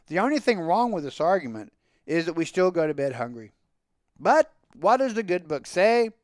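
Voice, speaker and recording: A man reading a story aloud with expressive storytelling. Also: high-pitched, moderate pace, no echo, studio quality. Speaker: story reader.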